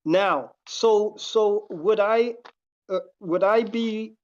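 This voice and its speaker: A caller speaks very slowly, in halting, hesitant questions full of fillers and restarts. The audio is dull and lo-fi, like a muffled call line. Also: medium pitch, a little mellow. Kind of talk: casual debate on a live call.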